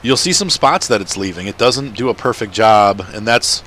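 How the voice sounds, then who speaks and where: A man with a lowish voice rambles through casual gameplay commentary, laughing as he goes. He is recording at home, with faint noise in the background. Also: animated, moderate pace, fairly bright tone. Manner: rambling, chatty, laughs often. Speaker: let's-play gamer.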